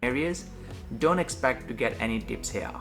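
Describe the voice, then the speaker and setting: A man reading a scripted explainer video in a steady, list-like manner. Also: medium pitch, normal speed. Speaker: narrator of a played explainer video. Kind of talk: scripted informational narration. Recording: narration with faint background music.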